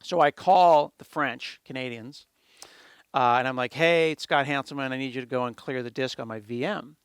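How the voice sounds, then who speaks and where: A man's voice: mid-range voice, moderate pace, smooth, no echo, studio quality. A middle-aged man giving a conference talk, telling a jokey story and acting out the people in it. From United States. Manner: lively, jokey, acts out quoted dialogue. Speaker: conference speaker.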